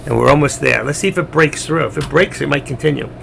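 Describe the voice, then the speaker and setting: Gravelly man rambling through live trades. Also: a little high, fast talker, a bit bright, slight background noise. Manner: chatty, rambling, addresses chat viewers directly. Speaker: trading live stream host. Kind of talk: casual live trading commentary.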